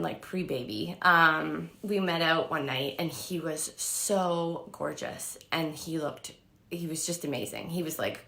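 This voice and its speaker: Chatty woman vlogger with gravelly voice. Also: fairly low pitch, fairly bright tone, echoey room. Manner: chatty, lots of fillers, acts out quotes. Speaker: vlogger and diet coach. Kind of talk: casual storytelling to camera.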